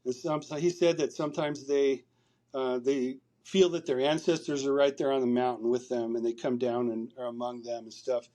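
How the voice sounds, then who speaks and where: A man's voice: medium pitch, fairly even intonation, moderate pace, dark tone. A man, a podcast guest, telling a long story over a remote call, rambling and repeating words as he recounts conversations.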